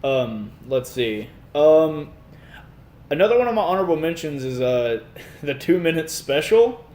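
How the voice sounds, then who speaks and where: A man co-hosting a podcast in casual chat, laughing often and breaking into animated voices to quote sketches. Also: a little high, measured pace, echoey room. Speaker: podcast co-host.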